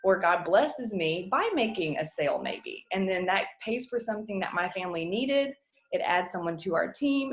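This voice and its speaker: A woman in her thirties coaching her team from home over a video call, earnest and emotional, choking up at times, talking casually with lots of fillers. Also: mid-range voice. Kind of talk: motivational talk on a video call.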